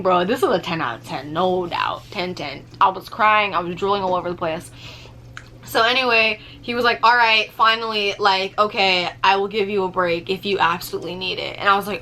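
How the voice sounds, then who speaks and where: A young woman telling a story in a casual vlog, animated, swearing freely and using lots of fillers. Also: medium pitch, moderate pace, a little hiss or hum. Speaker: vlogger.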